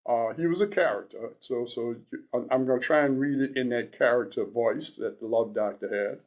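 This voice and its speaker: A man in his sixties hosting a radio show, talking in an unhurried, halting way with frequent restarts. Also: mid-range voice, muffled recording. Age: 60s. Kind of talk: casual radio talk.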